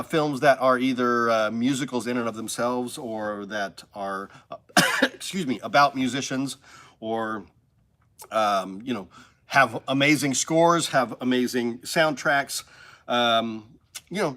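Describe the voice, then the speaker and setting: A man's voice: medium pitch, fairly bright tone. Man, upbeat rambling live-stream host, music store studio. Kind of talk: casual live-stream chat.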